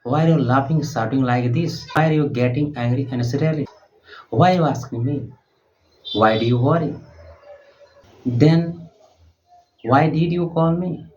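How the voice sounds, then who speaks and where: A man's voice: medium pitch, darkish tone, a little hiss or hum. A man teaching English by reading short example questions and phrases aloud, one at a time. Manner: slow, deliberate drilling of short sentences. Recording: dull lo-fi sound.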